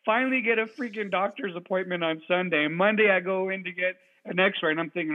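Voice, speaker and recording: A man with a notably high speaking voice tells a story on a casual podcast, peppering it with swearing. His voice comes through tinny and narrow, as if over a phone line. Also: fairly quick, few pauses. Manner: profane, animated storytelling. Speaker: podcast co-host. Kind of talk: casual chat.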